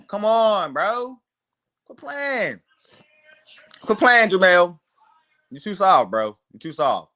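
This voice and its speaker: Streamer, male, trash-talking boxing commentary; bright, lively delivery, mocking and profane. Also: high-pitched, takes it slowly, pauses often. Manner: mocking, profane, laughing, repeats himself.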